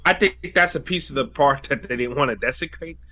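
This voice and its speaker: A man's voice: mid-range voice, brisk, sharp tone, dry recording. A man co-hosting a casual movie review chat, easygoing and agreeable, sometimes stumbling over words.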